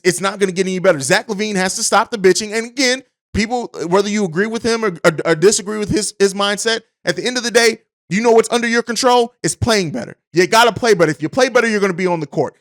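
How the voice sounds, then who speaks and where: A man's voice: high-pitched, a bit bright. A man hosting a podcast, giving emphatic commentary and often repeating words as he restarts. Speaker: podcast host.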